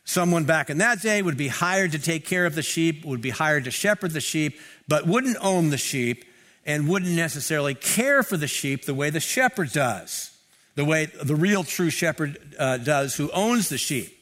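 A man's voice: fairly high pitch, lively intonation, normal speed, fairly bright tone. A male pastor preaching a sermon in a conversational, reflective way, repeating phrases for emphasis.

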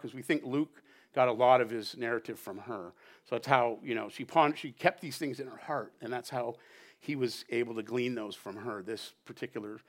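A man preaching a conversational sermon at a church service, animated and chatty, often checking in with "right?". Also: medium pitch. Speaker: pastor.

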